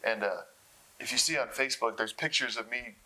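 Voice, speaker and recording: A young man telling stories in a casual interview, laughing often and getting excited. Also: medium pitch, brisk, poor audio. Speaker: interview guest. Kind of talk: casual storytelling.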